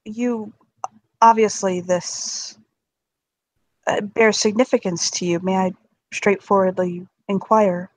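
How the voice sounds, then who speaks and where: A woman's voice: medium pitch, fairly even intonation, takes it slowly, pauses often, a little mellow, no room sound. A woman playing a character in a tabletop role-play, shifting between hesitant narration and polite, formal in-character speech. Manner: hesitant, restarts, polite in character, laughs at herself. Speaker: player.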